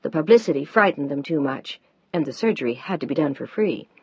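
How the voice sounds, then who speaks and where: A woman narrating an audiobook in a measured, even way. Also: low-pitched, husky, no echo. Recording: dull dry audiobook recording.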